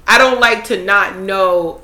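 A young woman in casual group chat, animated and swearing when worked up. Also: medium pitch, slow. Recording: echoey room with faint noise.

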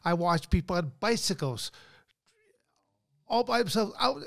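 A man's voice: high-pitched, lively intonation, a little slow, gravelly, a bit bright. A man in casual podcast chat, rambling through his points with restarts and filler. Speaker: podcast guest.

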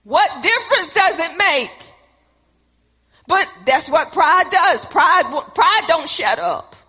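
A woman's voice: very high-pitched, animated, takes it slowly, sharp tone. A woman preaching a sermon, emphatic and repetitive, calling out to her congregation. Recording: reverberant hall.

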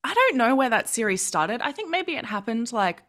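Lively casual woman podcast co-host. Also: on the high side, moderate pace. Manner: candid, laughs often, swears casually. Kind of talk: casual chat.

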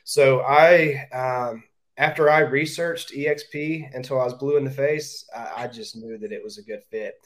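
Speaking at a normal pace with a medium-pitched voice, this man, a real estate agent, chats casually as a guest on a podcast. His manner is direct, and he tends to repeat words while working through his thoughts.

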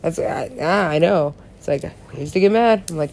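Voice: mid-range voice, normal speed, few pauses, a little mellow. A person rambling through a solo monologue, swearing often, laughing and talking to themselves. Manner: meandering, profane, laughs often, talks to self.

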